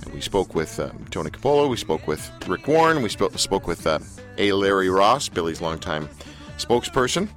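Animated, bright-voiced radio host man. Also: deep voice, normal speed, faint music behind. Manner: candid, self-mocking, animated. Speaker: radio talk show host. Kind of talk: live radio talk show monologue. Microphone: studio microphone.

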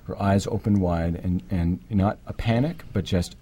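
A middle-aged man, a guest in an interview, telling a family story in a measured, hesitant way. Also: deep voice, fairly even intonation, warm tone, breathy edge. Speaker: interview guest, bereaved father. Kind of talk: personal testimony.

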